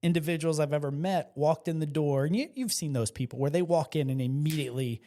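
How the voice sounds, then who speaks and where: A man from South Louisiana, speaking fast in a slightly high voice, tells stories as a podcast guest in casual conversation. He is passionate and excitable, animatedly acting out the voices of the people he quotes.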